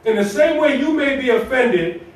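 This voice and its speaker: Imam guy preaching loose and chatty, high voice, big echoey hall, mic kinda far. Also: animated, normal speed. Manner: colloquial, conversational preaching with rhetorical questions and repetition. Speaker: imam giving Friday sermon. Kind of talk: sermon. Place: mosque prayer hall.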